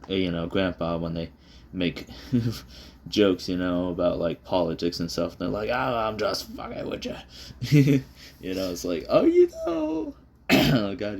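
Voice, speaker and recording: Low-voiced rambling man, self-deprecating. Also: darkish tone, slight background noise. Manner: self-deprecating, rambling, frequent fillers and swearing. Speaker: vlogger drawing on camera. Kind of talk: casual rambling talk while drawing. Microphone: phone propped up on the desk.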